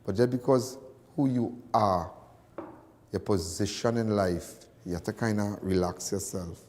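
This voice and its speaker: A man's voice: lowish voice, a little slow, darkish tone, big-room sound. A man with a Trinidadian accent hosting a live call-in crime talk show, rambling and folksy and repeating himself as he talks. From Trinidad and Tobago.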